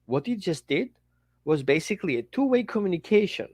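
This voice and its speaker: A man, a dog trainer, giving a casual teaching talk in an animated way, acting out little dialogues between owner and dog. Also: high-pitched, brisk, no echo, clean studio sound.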